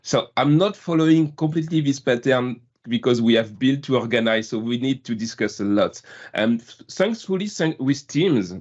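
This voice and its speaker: Over muffled, lo-fi video-call audio, a chatty Frenchman in his forties, appearing as a guest product manager, pokes fun at himself and laughs frequently while restarting his phrases many times. He speaks at a normal speed with a mid-range, darkish voice and lively intonation.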